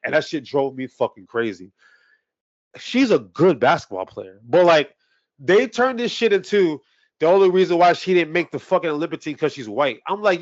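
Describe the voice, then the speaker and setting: A man's voice: on the high side, very animated, moderate pace, no echo, highs cut off. A man co-hosting a sports podcast, ranting heatedly with heavy swearing in casual talk. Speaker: podcast co-host.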